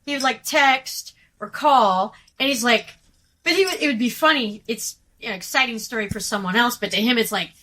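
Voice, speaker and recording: A woman's voice: fairly high pitch, moderate pace. A woman guest in casual chat, telling stories with lots of laughter and swearing. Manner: laughs often, animated storytelling with voiced quotes; swears freely. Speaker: musician guest.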